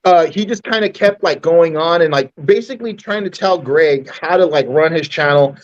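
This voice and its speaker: Casual male caller, slightly high voice, muffled lo-fi line; lively storyteller. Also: normal speed. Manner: animated storytelling, mimics others. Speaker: regular caller in a live chat. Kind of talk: casual group call chat.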